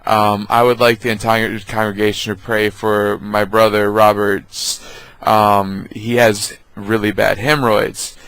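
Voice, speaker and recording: An earnest, senile old aunt, as a man puts her on in a family story. She speaks matter-of-factly in a low, flat voice. The sound is dry and close. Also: unhurried, clean tone, dry recording, poor audio.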